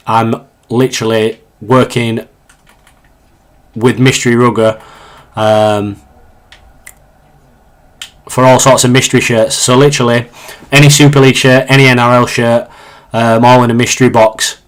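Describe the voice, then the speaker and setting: This is a young man from Yorkshire, in his twenties, with a broad local accent. He talks loosely and chattily as he streams, reading out viewers' questions and trailing into fillers and restarts. His voice sits at an ordinary middle pitch. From Yorkshire, England. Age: 20s. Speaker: live streamer. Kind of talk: casual live-stream chat while gaming.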